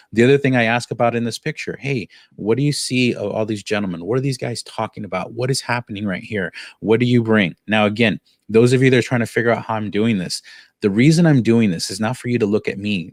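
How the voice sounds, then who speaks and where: Lively low-voiced male teacher. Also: dry recording, studio quality. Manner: lively, conversational, points things out. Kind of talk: online teacher demo.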